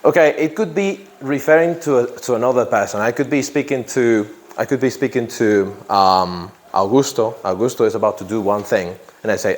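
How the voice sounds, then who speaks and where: A man's voice: mid-range voice, normal speed, hardly any pauses. A man teaching an English grammar lesson to a class, who repeats key phrases and often checks in with "yeah?".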